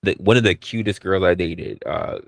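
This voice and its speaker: A man's voice: deep voice, normal speed, vocal fry, no room sound, studio quality. A man chatting casually on a live-stream panel, joking and rambling through stories. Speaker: panel participant.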